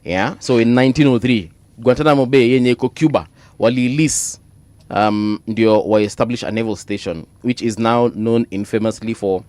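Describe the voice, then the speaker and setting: A man with a Kenyan accent hosting a casual breakfast radio show, chatty and quick to laugh, switching into Swahili. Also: medium pitch, dry recording. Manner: lively, laughs often, mixes in Swahili. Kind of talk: casual bilingual radio chat. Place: radio studio.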